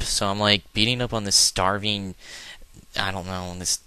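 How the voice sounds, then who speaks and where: Rambling offhand over a video game, this man cracks crude jokes and drifts into mumbled asides. His voice sits on the low side with little pitch movement, a slightly quick pace, and a sharp, clean tone, as befits a casual let's play commentator.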